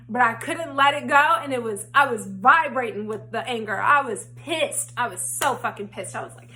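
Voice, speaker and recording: A young woman vlogger telling a personal storytime in a casual, animated way that rises to indignation. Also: fairly high pitch, normal speed, hardly any pauses. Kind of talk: storytime vlog. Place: home, frogs heard outside.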